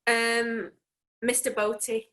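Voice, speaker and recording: A woman's voice: on the high side, little pitch movement, slow pace, pushed and bright. A woman in her twenties, a children's entertainer, chatting casually and giggling between answers in an interview. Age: 20s.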